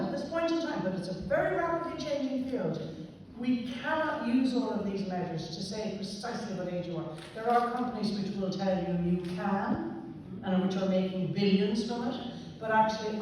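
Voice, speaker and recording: A woman giving a public talk on aging to a live audience, explaining emphatically and now and then clearing her throat or coughing. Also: mid-range voice, darkish tone, a little hiss or hum. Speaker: lecturer on aging. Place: large warm hall with an audience. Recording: echoey hall, voice from far off.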